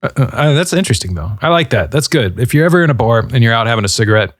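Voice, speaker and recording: A man's voice: mid-range voice, expressive, very fast, no room sound, studio quality. A man in his thirties hosting a casual podcast, answering listener questions in a laid-back, rambling way with lots of fillers. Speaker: podcast host.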